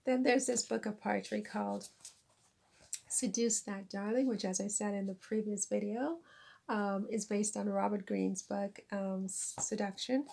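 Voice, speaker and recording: Woman vlogger, chatty and self-mocking, gravelly fry in the voice, mid-pitched. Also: steady tone, measured pace, mellow. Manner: chatty, self-deprecating, laughs at herself. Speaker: vlogger and author. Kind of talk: casual chat to camera. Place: lives in France.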